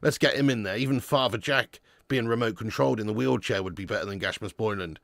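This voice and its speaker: Here a fan channel host leads a live football watch-along, full of chat banter, super chat readouts and shouted mock indignation at the players. He talks fast in a lowish voice with vocal fry, and the sound is clean studio audio without echo.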